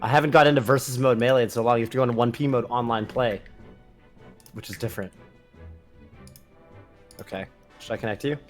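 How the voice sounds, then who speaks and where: A man's voice: mid-range voice, fast, long pauses. A man co-hosting a casual gaming stream, chatty and thinking aloud, laughing often. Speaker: co-host. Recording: faint music underneath.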